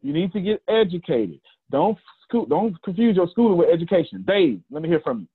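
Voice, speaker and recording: A man's voice: high voice, big pitch swings, a little fast, breathy edge, no echo. A man in his forties with a Southern US accent, coaching a group call in a folksy, repetitive style. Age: 40s. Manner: folksy, repeats phrases, counts down, teases listeners. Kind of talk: animated motivational coaching. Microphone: video call. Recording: phone-like lo-fi call audio.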